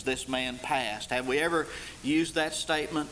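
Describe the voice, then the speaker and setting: A male preacher with a bright, forceful tone and a slightly high pitch for a man. He preaches slowly, building to loud, stretched climaxes before dropping to low, quiet lines. A faint hiss runs under the recording. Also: steady tone, rough recording. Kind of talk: sermon.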